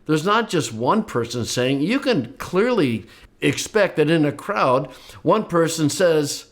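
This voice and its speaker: Man explaining scripture, lively teacher. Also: takes it slowly. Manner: lively, voices the quoted speakers with rising pitch. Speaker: Bible teacher. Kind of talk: explanatory lecture.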